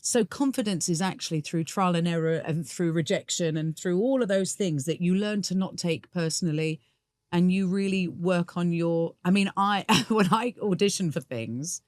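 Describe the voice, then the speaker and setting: Middle-aged actress, low-pitched, candid and quick to laugh; dry studio sound. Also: female voice, darkish tone, dry recording. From England. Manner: chatty and candid, laughs easily. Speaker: musical theatre actress, guest. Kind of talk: podcast interview.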